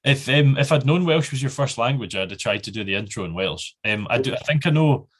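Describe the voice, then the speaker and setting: A man's voice: mid-range voice, lively intonation, brisk, a bit bright, husky. A Scottish man hosting a podcast, chatty and laughing easily as he asks questions and tells stories. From Scotland. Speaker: podcast host. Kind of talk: casual interview chat.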